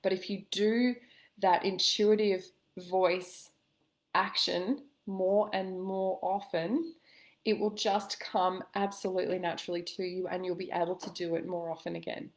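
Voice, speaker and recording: A woman coaching listeners in a calm, gentle way, giving a spoken self-help lesson with slow pauses. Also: on the low side. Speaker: intuitive coach.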